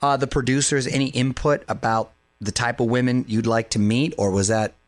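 A middle-aged man hosting a radio show, interviewing a caller in a friendly, brisk, breezy way. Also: mid-range voice, fairly even intonation, no room sound. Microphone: studio microphone.

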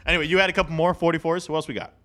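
A man co-hosting a casual sports podcast, animated and jokey, slipping into bits of mock outrage. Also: fairly high pitch, very fast. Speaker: podcast co-host.

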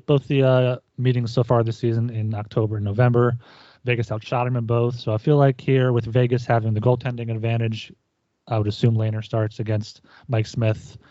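Man, mellow dark voice, dry close sound, slightly dull, hockey betting talk. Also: mid-range voice, no room sound. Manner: hesitant, repeats words. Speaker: sports betting panelist. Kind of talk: casual sports betting chat.

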